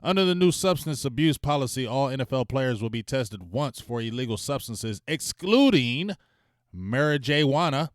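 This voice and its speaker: A man hosting a casual sports livestream, talking in loose slang, venting and giving loud shout-outs. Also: medium pitch, lively intonation, normal speed, no room sound, studio quality. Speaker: sports talk stream host.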